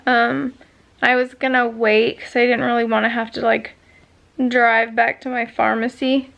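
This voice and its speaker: A woman's voice: on the high side, flat delivery, measured pace, vocal fry, a bit bright. A woman vlogger chatting casually, telling a long story with many fillers and asides. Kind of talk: casual chat.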